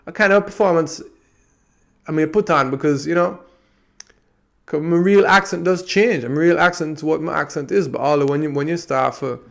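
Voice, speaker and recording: This Antiguan man hosts a podcast, his accent tinged with American, and his voice runs high and creaky. He thinks out loud in a wandering, reflective monologue, restarting often.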